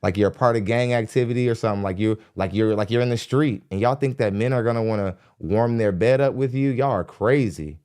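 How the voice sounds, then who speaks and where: Young man, podcast host, lowish voice, heated, blunt, mocking, studio mic. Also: fairly quick, few pauses, darkish tone. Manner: mimics others in high squeaky voices. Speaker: podcast host reacting to a dating show. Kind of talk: ranting reaction commentary.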